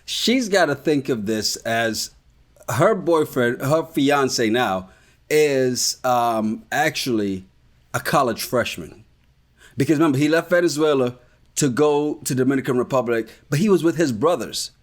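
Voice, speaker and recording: A man's voice: medium pitch, a little slow. A man hosting a podcast and recapping a reality show in a casual chat, ranting and swearing. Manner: animated, ranting, profane. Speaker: podcast host.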